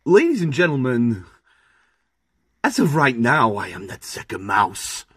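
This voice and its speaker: A man doing a celebrity impression, telling a parable with odd pauses and sudden pitch leaps. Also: wildly swooping pitch, a bit bright, breathy edge, no echo, heavily acted. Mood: grandiose. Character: slow, oddly paced eccentric man telling a parable.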